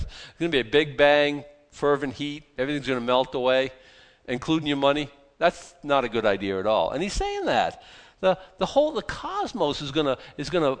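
A man preaching a Bible sermon in a conversational, animated way, often restarting and breaking into asides. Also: fairly high pitch. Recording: long hall reverb.

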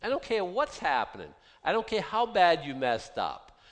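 A man in his fifties preaches a Bible sermon in a conversational way and keeps asking his listeners questions. His pitch rises and falls with lively swings. His voice trails off in a long reverb, as in a large hall. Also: moderate pace. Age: 50s.

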